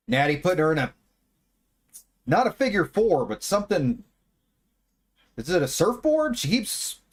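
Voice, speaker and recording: Man, casual live commentary, wry and chatty, animated, slightly high voice. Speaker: watch party host.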